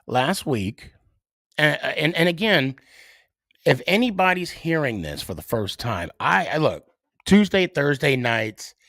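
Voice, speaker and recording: A middle-aged man talks alone on his podcast, slow and unhurried, and his pitch climbs and falls a lot. He halts often on "uh" and "um" and restarts his phrases. The sound is dry and close. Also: sing-song, vocal fry, fairly bright tone, dry recording. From United States. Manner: hesitant, many fillers and restarts. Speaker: podcast host. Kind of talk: solo podcast monologue.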